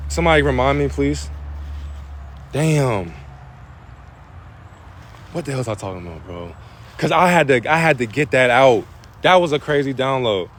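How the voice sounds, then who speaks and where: A man talking casually on a live spiritual stream, loose and profane with street slang, breaking into animated preaching. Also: mid-range voice, normal speed, pauses often, slight background noise.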